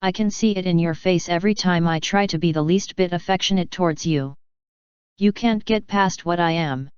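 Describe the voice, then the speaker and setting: A woman voicing a female pony who is a wife close to tears, defensive and hurt, in a very smooth, dry, lo-fi reading. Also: fairly low pitch, normal speed, no echo, close to an everyday voice. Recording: dull lo-fi.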